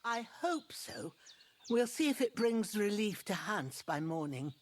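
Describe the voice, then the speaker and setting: A calm, kindly village herbalist speaks in a video game, walking a helper through a brew with patient, encouraging words. The voice swings freely in pitch and moves at an unhurried pace, with faint noise in the background. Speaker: game character teaching potion brewing.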